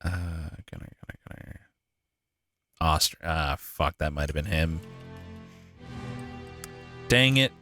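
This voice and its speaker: A man's voice: rumbling low, lively intonation, takes it slowly, pauses often, bright, forceful tone, faint music behind. A man streaming a game live, thinking aloud with casual swearing and frequent laughs. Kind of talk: live gameplay commentary.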